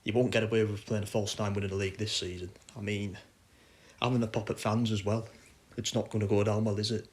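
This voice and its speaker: A man's voice: lowish voice, flat delivery, fast. Frustrated man ranting. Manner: frustrated, blunt, swears. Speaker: football fan podcaster. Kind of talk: casual ranting chat.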